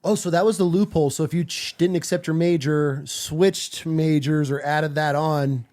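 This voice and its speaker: Man, podcast host, slightly high pitch, quick casual reactions. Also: fairly even intonation, darkish tone. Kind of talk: casual interview chat.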